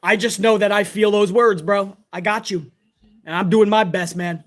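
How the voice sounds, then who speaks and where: A hoarse man hosting a live stream, chatting casually and profanely while reading out fan messages. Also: high-pitched, moderate pace. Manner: profane, excitable, chummy.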